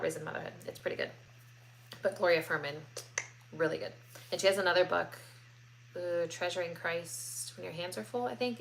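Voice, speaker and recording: A woman's voice: on the low side, vocal fry, fairly bright tone, slight background noise. Chatty woman hosting a live Q&A. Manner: chatty, many ums and likes, reads comments aloud. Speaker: host answering viewer questions. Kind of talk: casual live Q&A chat.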